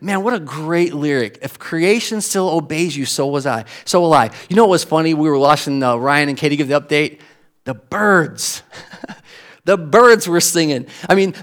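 A middle-aged American man with an American accent preaching a sermon as pastor, telling stories in an animated way and repeating words as he builds a point. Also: fairly high pitch.

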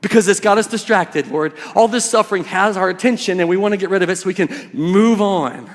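A man preaching a sermon as pastor, emphatic and swinging from hushed words to loud ones. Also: high voice, brisk. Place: church. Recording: church hall reverb.

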